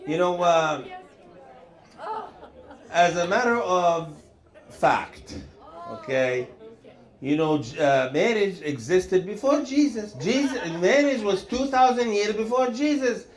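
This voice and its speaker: A man doing a rambling stand-up routine, chuckling through his lines and stumbling over hesitant pauses. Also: high-pitched, animated, a faint crowd. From Lebanon. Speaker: stand-up comedian.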